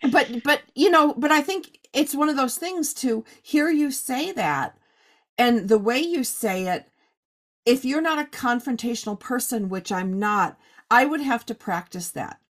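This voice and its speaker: A woman's voice: a little high, expressive, unhurried. A woman in her fifties hosting a casual interview, talking in a chatty, rambling way full of fillers. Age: 50s. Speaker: podcast host. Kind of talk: casual chat.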